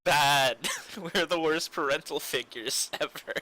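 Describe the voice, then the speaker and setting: A man's voice: fairly high pitch, measured pace, noisy background. A man playing a tabletop game, joking and laughing as he talks. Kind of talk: casual game chat.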